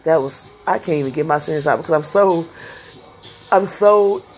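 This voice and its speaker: A woman's voice: deep voice, normal speed, a little mellow, soft background music. A middle-aged woman from Texas telling a rambling, profane story in a casual vlog, laughing often. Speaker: vlogger.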